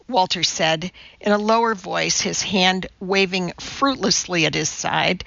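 A woman narrating a novel in a measured, even reading. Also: lowish voice, vocal fry, dry recording, lo-fi sound. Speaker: audiobook narrator. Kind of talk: scripted narration.

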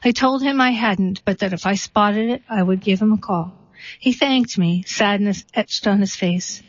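A woman reads aloud in a calm, even storytelling voice at a middling pitch. The sound is close and dry with no room echo. It is also a little dull and muffled, lacking top end. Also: moderate pace. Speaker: reader. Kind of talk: reading a story and a poem aloud.

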